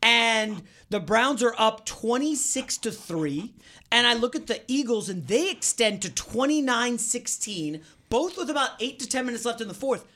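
An excitable man hosts a sports betting podcast and tells his stories with a lot of energy. His pitch swoops up and down widely as he talks. His voice has a bright, forceful edge. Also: normal speed. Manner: excitable, animated storyteller. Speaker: podcast host.

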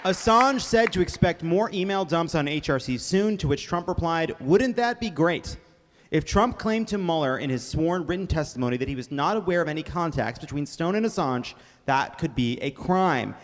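High-voiced comedy host in a reverberant hall. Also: male voice, normal speed, a faint crowd. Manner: energetic, breaks into laughter. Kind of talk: live comedy news monologue. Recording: reverberant live venue.

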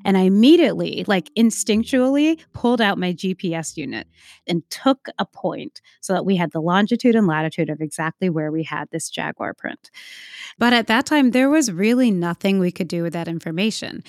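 A woman's voice: fairly low pitch, normal speed. Woman telling her own story, chatty and reflective, lots of like and you know, music playing under. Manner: reflective, uses many fillers like "like" and "you know". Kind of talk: personal storytelling.

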